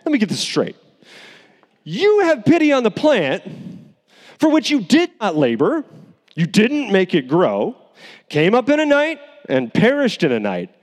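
Sassy exasperated god, as a preacher puts him on, high lively voice swinging up, big echoey hall. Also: male voice, a little fast. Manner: sarcastic, rising emphatic questions. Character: sassy God, male, exasperated with a sulking prophet.

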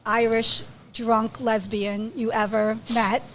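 A woman with a slight Brooklyn accent and a fairly high voice, trading blunt, sardonic remarks on a podcast. She swears casually. Faint room noise hums behind her. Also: little pitch movement, takes it slowly, fairly bright tone. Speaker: podcast co-host.

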